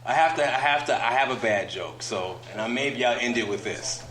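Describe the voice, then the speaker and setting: A man doing a stand-up set on a club stage, telling stories and shouting out bold character voices. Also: medium pitch, brisk, a crowd in the background. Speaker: stand-up comedian. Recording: roomy club echo, faint room noise.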